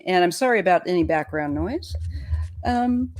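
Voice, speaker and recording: A woman's voice: lowish voice, animated, normal speed, crowd noise. A woman in her fifties hosting a live-stream chat from home, talking casually and restarting her sentences often. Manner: chatty, trailing off and restarting. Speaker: tarot channel host.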